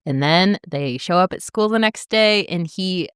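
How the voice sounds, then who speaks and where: A woman co-hosts a podcast in easy, giggly chat, laughing often. Her pitch swings widely and lively through each line. The recording is close and dry. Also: unhurried, clear, resonant tone, no echo. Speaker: podcast co-host. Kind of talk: casual chat about a TV show.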